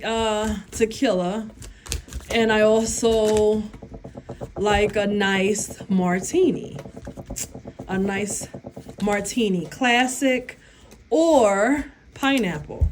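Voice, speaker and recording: A woman's voice: a little high, a little hiss or hum. A young adult woman chatting casually on her vlog, blunt and profane, laughing often as she answers questions. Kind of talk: casual chat.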